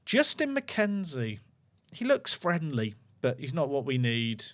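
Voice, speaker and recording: A man's voice: mid-range voice, huge pitch swings, slow pace, fairly bright tone. Man musing through a game stream. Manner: musing aloud, chatting to viewers. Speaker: gaming streamer. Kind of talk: casual livestream commentary.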